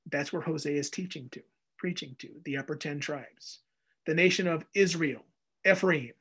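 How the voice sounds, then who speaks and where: A man preaching a conversational Bible teaching, animated and acting out little voices as he goes. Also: a little high, moderate pace, breathy edge. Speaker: pastor. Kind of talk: expository sermon.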